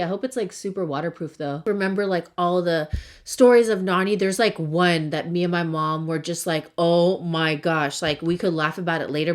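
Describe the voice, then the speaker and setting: A young woman chatting casually while doing her makeup, talking in a loose storytelling way with lots of "like". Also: fairly low pitch. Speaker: beauty vlogger. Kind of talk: casual get-ready-with-me chat.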